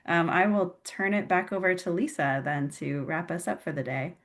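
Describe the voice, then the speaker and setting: A woman with a somewhat low voice moderates a webinar over a video call. She asks her questions politely, stumbling and restarting partway through. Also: moderate pace.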